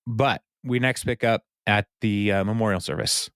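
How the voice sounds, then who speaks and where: A man with a lowish, smooth and clear voice talks through a TV episode in a relaxed podcast chat. He acts out the characters' lines as he goes. His voice sits close and dry on the mic, with no room sound. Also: moderate pace, dry recording. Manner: retells scenes animatedly, acting out characters' lines with laughs. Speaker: podcast co-host. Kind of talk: casual recap chat.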